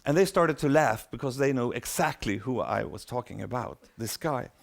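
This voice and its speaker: A man's voice: mid-range voice, moderate pace, creaky. A middle-aged man, telling a story in a talk and acting out the voices of people in it. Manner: animated, acts out quoted voices. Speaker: speaker.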